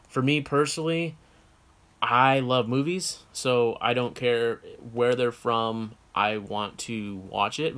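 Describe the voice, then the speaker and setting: A man's voice: mid-range voice, a bit bright. A man from the United States chats casually as a co-host, working through viewer questions one at a time. His voice sits in an ordinary mid range for a man. He talks frankly and rambles, with lots of ums and restarts as he thinks aloud. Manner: rambling, frank, with many fillers and self-corrections. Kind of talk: casual chat.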